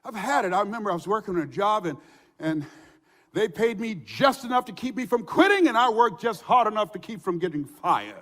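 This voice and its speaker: An older man giving a motivational speech, telling stories with shouts and laughter. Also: high voice, brisk. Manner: animated storytelling with shouts and laughs. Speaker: motivational speaker. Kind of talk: motivational speech to a live audience. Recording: hall reverb.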